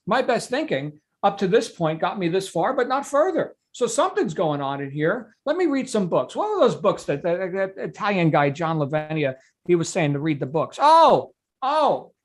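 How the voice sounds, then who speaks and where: A middle-aged man gives a motivational coaching talk. His voice sits high for a man. He talks with emphasis, doubles back on his words and keeps tagging on "right?". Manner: emphatic, repeats words, asks "right?" often.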